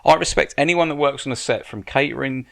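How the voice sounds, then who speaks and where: A man's voice: medium pitch, fast talker, gravelly, a bit bright. A man giving casual podcast advice as a guest, frank and blunt, swearing and restarting his sentences often. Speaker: stunt coordinator and military adviser, guest.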